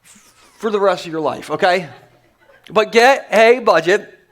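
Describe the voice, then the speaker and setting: A male pastor preaching to a church congregation in a joking, energetic manner with quick asides. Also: high voice. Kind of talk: humorous sermon. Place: church sanctuary before a congregation.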